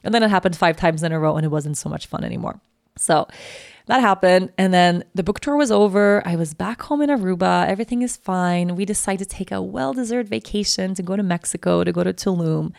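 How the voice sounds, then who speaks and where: Casual podcast host, young woman, lively and chatty, some vocal fry, close dry sound. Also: lowish voice, a little fast, no room sound. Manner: chatty, animated, heavy use of "like". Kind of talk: casual storytelling monologue.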